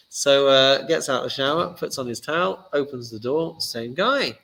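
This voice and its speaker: A man, a rabbi giving a casual teaching talk and telling stories lively, acting out the characters. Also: mid-range voice, moderate pace, vocal fry, noisy background.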